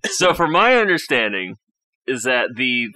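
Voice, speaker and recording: A man's voice: mid-range voice, sing-song, a little slow, sharp tone, no room sound. A man co-hosting a podcast, rambling in easygoing, profane casual chat. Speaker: podcast co-host.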